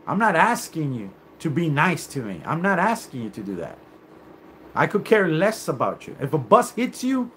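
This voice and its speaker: Man, livestream host, confrontational, profane, rambling, quite animated delivery. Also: a little high, slight background noise. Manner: rambling, with many fillers and restarts. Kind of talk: live rant on a stream.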